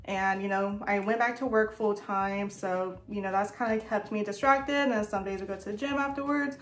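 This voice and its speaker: A woman's voice: mid-range voice, steady tone, moderate pace, a bit bright. A young woman talking casually to camera in a vlog, chatty and full of fillers. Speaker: vlogger. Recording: echoey room.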